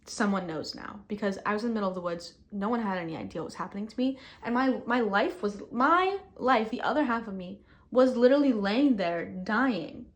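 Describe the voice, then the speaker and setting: Young woman, casual storytelling, halting, filler-heavy, flat and subdued, mid-pitched. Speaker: storyteller recounting a personal ordeal.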